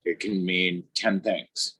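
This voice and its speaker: A man in a casual book discussion who speaks slowly and emphatically as he agrees with the others. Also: sits low, little pitch movement, sharp tone, breathy edge, low-quality recording. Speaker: podcast guest.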